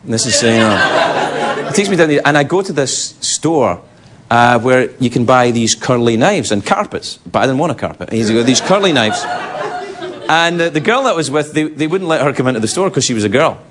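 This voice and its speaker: A man's voice: medium pitch, animated, brisk, crowd noise. A man with a Scottish accent telling a rambling comic anecdote on a talk show, laughing through his lines. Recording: live studio with audience laughter and noise. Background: studio audience.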